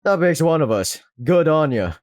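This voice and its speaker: A man voicing a gruff, fatherly middle-aged male rooster who smokes with a rough, teasing drawl. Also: fairly high pitch, very animated, normal speed, a little mellow, no room sound, clean studio sound. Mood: gruff caring. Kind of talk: voiced visual novel reading.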